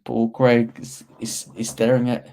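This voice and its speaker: A man's voice: medium pitch, completely flat delivery, unhurried, creaky, a little mellow. A young man hosting a fight watch-along, chatting casually to his viewers and stumbling over his words as he comments.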